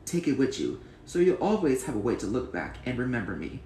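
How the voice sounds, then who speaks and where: A man voicing a lonely beast prince in a cartoon film, low and subdued. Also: very animated, fairly quick, dark tone, echoey room, a little hiss or hum, lightly acted. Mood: tender.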